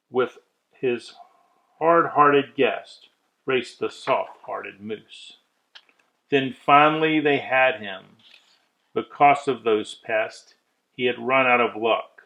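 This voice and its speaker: Slow man reading a rhyming storybook. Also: mid-range voice, vocal fry, rough recording. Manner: measured, expressive rhyming delivery. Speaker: reader of a children's story. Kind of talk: rhyming storybook read-aloud.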